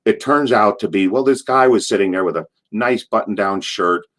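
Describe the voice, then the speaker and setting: Middle-aged guy w a lowish voice spinning old wrestling stories, rambly, keeps doing the yelling bits. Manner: animated, acts out quotes in a loud, drawn-out voice; rambling, with restarts and asides. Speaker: former wrestler being interviewed. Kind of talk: casual anecdotal storytelling.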